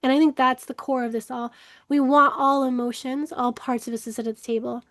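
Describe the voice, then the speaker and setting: Woman, webinar host, high voice, earnest, emotive, acts out inner voices, dry close sound. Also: flat delivery, a little fast, no room sound. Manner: earnest, emotive, with restarts and soft laughs. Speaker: webinar host, creativity coach. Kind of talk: casual spoken webinar talk.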